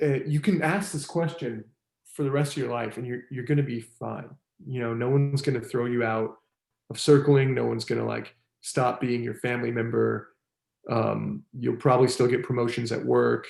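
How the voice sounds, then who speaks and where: A man facilitating a circling group, talking in a relaxed, rambling way with many fillers and laughs. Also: mid-range voice, vocal fry, reverberant. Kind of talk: casual teaching talk.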